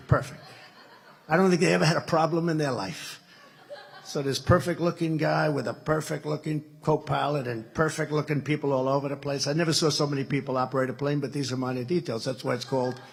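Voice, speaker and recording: A man's voice: a little high, a little fast, vocal fry, husky. A man in his seventies with an American accent, giving a rambling, repetitive keynote speech at a party meeting. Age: 70s. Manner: rambling, repetitive, boastful asides. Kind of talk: political rally speech, anecdotal storytelling. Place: indoor event venue.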